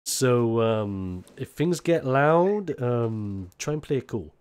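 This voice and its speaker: A man's voice: medium pitch, takes it slowly, clear, resonant tone. A man voicing a laid-back young male guide who talks in slang, in a tabletop game. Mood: hushed. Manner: slangy, pleading, calming.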